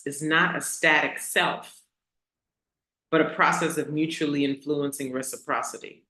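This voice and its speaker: A woman hosting a casual motivational talk for her online community, asking rhetorical questions and repeating key lines slowly for emphasis. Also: sits low, fairly even intonation, sharp tone, reverberant. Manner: conversational, asks the audience rhetorical questions. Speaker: host.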